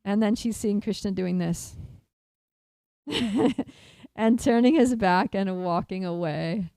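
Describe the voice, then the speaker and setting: A woman speaker at a temple feast, telling a devotional story in an animated way, laughing often and using many fillers. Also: mid-range voice, slow, clear, resonant tone, dry recording, poor audio.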